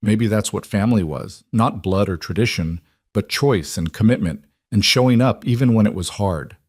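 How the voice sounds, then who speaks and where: Male storyteller, low voice, calm measured narration, dry close sound. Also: breathy edge, no echo.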